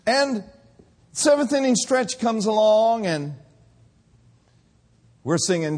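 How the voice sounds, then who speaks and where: A man preaching a sermon, telling stories and then building to shouted calls to the congregation. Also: high voice, slow, pauses often. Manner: storytelling, rising to shouted exhortation.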